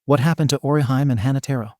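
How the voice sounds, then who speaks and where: Man doing brash teen swordsman, cocky, teasing, mellow low-key voice, brief fan-story read. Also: rapid-fire, no echo, clean studio sound, close to an everyday voice.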